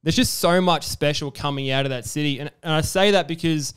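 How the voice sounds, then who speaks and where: A man's voice: a little high, brisk, a bit bright, clear, resonant tone. A young man hosting a sports podcast, chatty and enthusiastic, with lots of fillers. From Australia. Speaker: podcast host. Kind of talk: casual sports interview.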